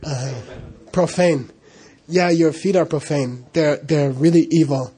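Recalling his time in a monastery, a middle-aged man tells a relaxed anecdote full of laughter and performed dialogue. He speaks unhurriedly in a voice on the high side, with a dark tone and a breathy edge.

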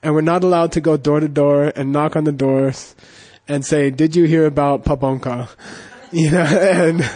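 Man, middle-aged, Buddhist teacher, casual talk, rambling anecdotes, lots of "you know", fairly high-pitched. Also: steady tone, measured pace, few pauses, darkish tone. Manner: chatty and digressive, with constant "you know" and "okay?" check-ins.

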